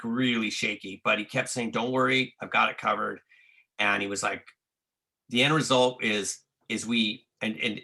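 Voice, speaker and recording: Man, casual storytelling, frequent restarts, swearing, bright tone. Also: mid-range voice, gravelly. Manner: profane, restarts a lot, acts out quotes. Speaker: guest telling a tour story.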